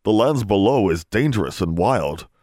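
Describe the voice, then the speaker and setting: A man's voice: lowish voice, animated, normal speed, a little mellow, no echo, studio quality, lightly acted. A man voicing a young male elf who pleads earnestly in broken grammar. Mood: pleading.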